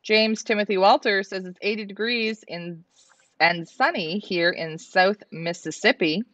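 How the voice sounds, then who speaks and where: A woman's voice: mid-range voice, a little slow, fairly bright tone, no echo. A woman from Canada hosting a livestream, chatting and reading out viewer comments. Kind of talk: casual livestream chat.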